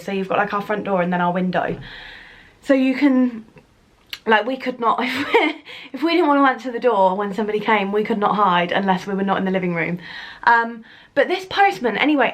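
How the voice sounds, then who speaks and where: A woman with a British accent chatting casually to camera at home in a rambling, waffling way. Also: medium pitch. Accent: British English. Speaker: lifestyle vlogger. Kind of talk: casual vlog chat to camera. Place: at home, indoors.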